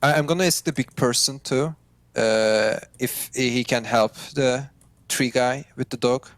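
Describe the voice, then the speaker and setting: A man playing a tabletop game, hesitant and halting, stopping to restart his sentences. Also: medium pitch, a bit bright. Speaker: player.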